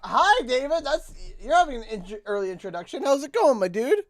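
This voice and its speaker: A man's voice: very high voice, very animated, a little fast. A man with a Canadian accent, casually commentating a live gaming stream and rambling to himself as he clicks through menus.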